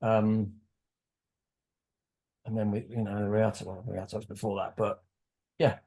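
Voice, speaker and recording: A man's voice: lowish voice, flat delivery, a little slow, warm tone, breathy edge. A man as a podcast guest, casually telling a rambling story and acting out quoted dialogue.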